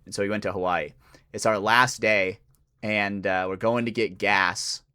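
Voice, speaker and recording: A man's voice: on the low side, moderate pace, clean tone. A young man, a podcast co-host, telling a story in casual chat, swearing and acting out the people he quotes. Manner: animated, swearing, acts out quoted voices.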